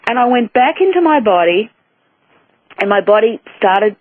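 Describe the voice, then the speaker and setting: A woman's voice: medium pitch, big pitch swings, normal speed, breathy edge, no room sound. A woman guest in a phone interview, earnestly telling a personal story with many restarts. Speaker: guest, spiritual author and healer. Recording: tinny phone line, dry.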